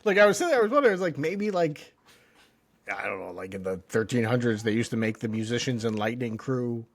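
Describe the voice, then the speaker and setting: A man co-hosting a podcast, talking in a relaxed, halting way about a TV episode. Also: medium pitch, vocal fry. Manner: relaxed, halting, with many likes and ums. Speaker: podcast co-host. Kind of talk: casual recap chat.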